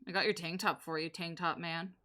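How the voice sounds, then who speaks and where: Sarcastic woman streamer, low bright voice. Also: fairly even intonation, brisk. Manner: sarcastic, joking banter with chat. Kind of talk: casual live gameplay commentary.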